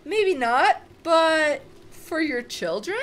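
A woman's voice: high-pitched, sing-song, slow, fairly bright tone, slight background noise, voice pushed up, exaggerated voice. A woman voicing a brave, polite young girl in a video game, speaking earnestly and pleading at times.

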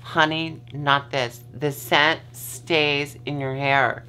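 A woman's voice: deep voice, little pitch movement, slow pace, sharp tone, slight background noise. A woman vlogger chatting casually from her bed at home, rambling, losing her train of thought and swearing freely. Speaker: vlogger host. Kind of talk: casual chat.

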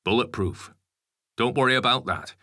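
A man voicing a calm, reassuring convoy driver who speaks in a steady, matter-of-fact way. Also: mid-range voice, normal speed, no room sound, clean studio sound, pitched above the performer's own voice.

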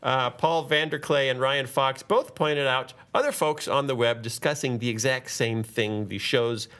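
A man hosting a podcast, chatting casually and trading quick jokes with his co-hosts. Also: mid-range voice, fairly bright tone. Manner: joking, quick banter. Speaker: podcast host. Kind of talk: casual comedic chat.

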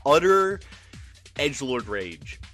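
A man's voice: medium pitch, slow, faint music behind. A man recapping an anime episode in an exasperated, profane rant. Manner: profane, exasperated, animated ranting. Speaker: anime reviewer.

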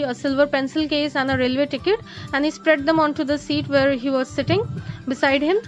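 High-voiced Indian English teacher. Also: female voice, muffled recording. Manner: reads a line, then paraphrases it with many fillers. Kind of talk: reading and explaining a story.

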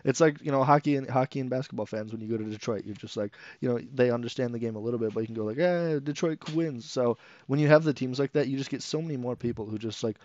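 Fast-talking man on dull lo-fi audio. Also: mid-range voice, fairly even intonation, a little mellow, no room sound. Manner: rapid, filler-heavy, acts out quotes. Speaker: guest player. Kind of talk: casual esports podcast chat.

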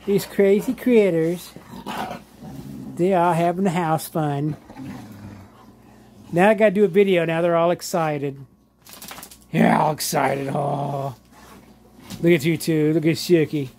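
Man filming at home on a handheld camera, unhurried, fond baby talk to his dogs. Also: on the high side, fairly even intonation, a little mellow, slight background noise. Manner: slow, drawling, doting, laughs often. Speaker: vlogger showing his dogs. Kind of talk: casual home vlog, talking to pets. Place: home living room.

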